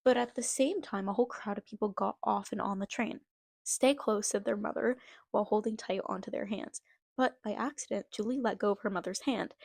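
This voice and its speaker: A woman's voice: mid-range voice, fairly quick, gravelly, darkish tone, dry recording. A young woman vlogger reading an old story aloud with amused, self-mocking commentary.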